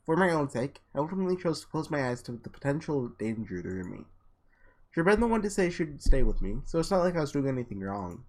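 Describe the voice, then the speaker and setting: A man with a slightly hoarse, under-the-weather voice reads a visual novel aloud with casual asides, sometimes tripping over and restarting words. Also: medium pitch, sing-song, fast talker. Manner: casual, trips and restarts words while reading. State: voice a little sick, slightly hoarse. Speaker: let's player.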